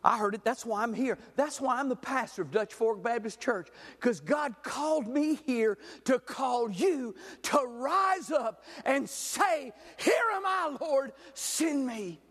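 Male pastor, impassioned preaching from shout to hush, bright high tone echoing through a large sanctuary. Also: animated, measured pace, hardly any pauses. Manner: fervent preaching, swings from shouting to near-whispers. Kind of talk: sermon. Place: church sanctuary. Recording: long hall reverb.

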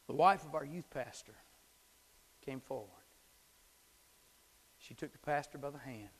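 A man preaching a sermon, swinging from shouting to hushed tones. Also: medium pitch, unhurried, pauses often, husky, long reverb tail. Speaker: pastor. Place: church sanctuary.

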